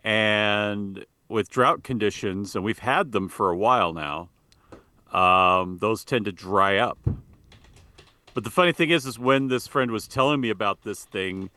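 A man's voice: on the low side, measured pace, bright, forceful tone, no echo. A man co-hosting a podcast in casual chat, rambling with fillers and restarts and swearing offhandedly. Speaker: podcast co-host.

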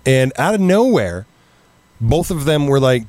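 A man's voice: medium pitch, very animated, measured pace, darkish tone, no echo. Man, middle-aged, podcast co-host, chatty, self-deprecating, dry close sound. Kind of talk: casual podcast chat.

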